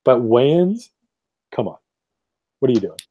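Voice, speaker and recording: A man's voice: medium pitch, big pitch swings, a little slow, phone-quality sound. A man from Canada hosting a casual sports podcast, joking and reading out fight picks. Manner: laid-back, joking, reads fight card. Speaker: podcast host. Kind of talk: casual chat.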